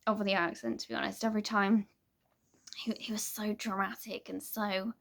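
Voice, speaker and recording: A woman's voice: medium pitch, little pitch movement, moderate pace, gravelly, a bit bright. A young woman vlogger chatting casually to camera, rambling and hesitant with many restarts.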